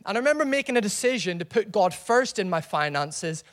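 A man's voice: high voice, brisk. A man in his thirties preaching a sermon as a pastor, telling stories with lots of energy and calling out to the congregation. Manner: animated storytelling preacher with crowd prompts.

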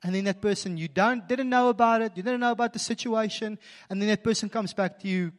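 A man preaching a sermon, telling stories animatedly and swinging from quiet, intimate moments to emphatic passages. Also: high-pitched, fast. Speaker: pastor.

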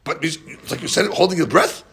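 A man teaching a lively religious text class, asking his students questions and reading passages out quickly. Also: on the high side, creaky. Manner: animated, questioning the class, reads Hebrew text fast. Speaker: rabbi teaching a Talmud class. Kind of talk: Talmudic lesson, mixing English and Hebrew.

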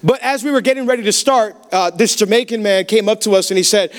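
A young male pastor preaches a sermon, his voice pitched very high. He tells stories with humor and slips into acted-out lines. The talk is animated throughout. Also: fast. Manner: animated, humorous, acts out quotes. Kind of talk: sermon with storytelling. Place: church sanctuary.

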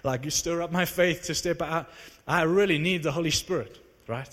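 A man preaching to a live audience, telling a story in an animated, conversational, self-mocking way. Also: fairly high pitch, normal speed. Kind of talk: sermon storytelling. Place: large hall with live audience. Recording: long reverb of a large hall.

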